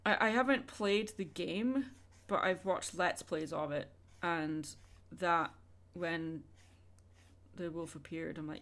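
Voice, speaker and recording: Taking it slowly in a low-leaning, fairly bright voice, a young art streamer talks casually to her audience while drawing live, wandering between topics and answering questions.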